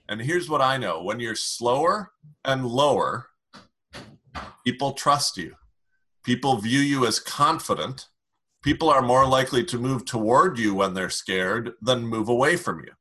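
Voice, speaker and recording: A man explaining communication strategy in an interview, calm and emphatic as he gives advice. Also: medium pitch, normal speed, breathy edge. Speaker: communication expert.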